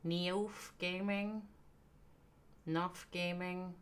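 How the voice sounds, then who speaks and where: A woman's voice: fairly low pitch, little pitch movement, drawn-out words, clean tone. A woman with a Midwestern accent chatting casually with viewers on a live game stream, thinking aloud and reading out their names. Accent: American Midwestern.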